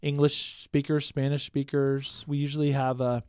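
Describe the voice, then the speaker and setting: A man's voice: mid-range voice, little pitch movement, moderate pace, a little mellow, clear, resonant tone, no echo, clean studio sound. A man who is a parish priest, casually and enthusiastically explaining church rituals to listeners. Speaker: pastor.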